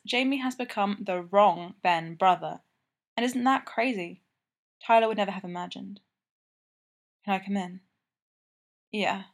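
A woman narrating a story aloud at a middle pitch. Her reading is even and intimate, moving steadily through the text. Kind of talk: scripted narration.

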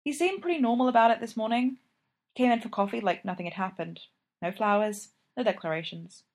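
A wry, self-doubting young college woman, read by a woman close to her own narrating voice. The lines come a little higher and brighter than the narration, in a plain storybook reading. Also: a little fast, lightly acted.

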